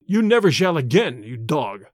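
A man's voice: a little high, big pitch swings, normal speed, dry recording, studio quality. A man reading the part of a bitter, cornered army officer who hisses threats.

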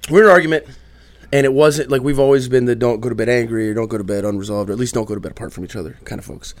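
A man rattles through a personal story at a quick clip, candid and self-mocking, tossing in little asides as he goes. The sound is close and dry, with no room around it. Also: mid-range voice, steady tone, dry recording. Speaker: musician guest.

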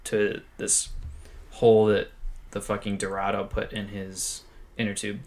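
A man's voice: on the low side, completely flat delivery, measured pace, darkish tone. A man co-hosting a podcast, telling a survival story in a loose, chatty way, swearing freely and laughing often. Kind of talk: casual storytelling chat.

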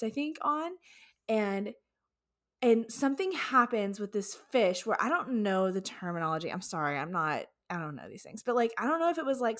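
Casual podcast host, woman; animated, profane storyteller with a swooping pitch.

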